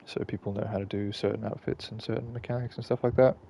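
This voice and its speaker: A man's voice: on the low side, flat delivery, quick pace, vocal fry, mellow, slight background noise. A man giving casual gameplay commentary, laid-back and swearing freely while he mutters to himself. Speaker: gaming channel host.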